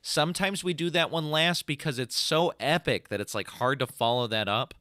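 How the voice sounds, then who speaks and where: A man's voice: a little high, moderate pace, dry recording, studio quality. A young man on a podcast, chatting casually and rambling as a band singer, with lots of "like" and mouth-made riff sounds. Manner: rambling and animated, full of "like", mimics riffs with "bum" and "dun" sounds. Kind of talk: casual chat.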